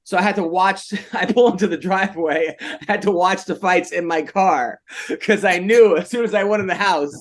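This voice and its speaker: High-voiced man telling animated stories. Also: moderate pace. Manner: animated storyteller, jumps into voices. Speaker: podcast host. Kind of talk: casual chat.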